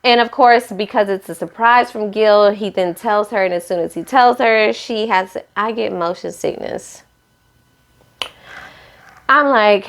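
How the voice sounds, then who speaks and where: Young woman with a lowish voice, chatty and sassy, doing a casual TV recap. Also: vocal fry. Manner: chatty, sassy, quotes people in playful voices. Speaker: reality TV recap vlogger.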